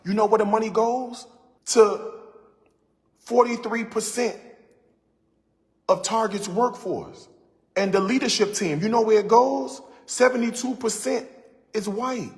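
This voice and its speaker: A man's voice: high voice, unhurried, long pauses, long reverb tail. A man giving impassioned commentary on a livestream, emphatic and preachy, repeating his key points for effect. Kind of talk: impassioned social media commentary.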